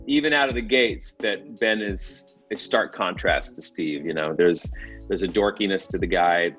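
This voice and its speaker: A man's voice: medium pitch, fairly bright tone. A man, an actor, talking casually in an interview about his work, self-deprecating, laughing often and restarting his sentences.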